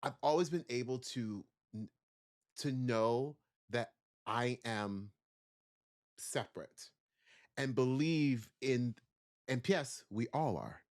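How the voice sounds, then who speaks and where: A man talks slowly and unhurriedly as a guest, circling his thoughts with lots of "like" and restarts. He sounds reflective and open. The chat happens backstage in his dressing room. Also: medium pitch, expressive. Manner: searching, heavy use of "like" fillers. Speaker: guest, stage performer. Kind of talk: reflective interview answers.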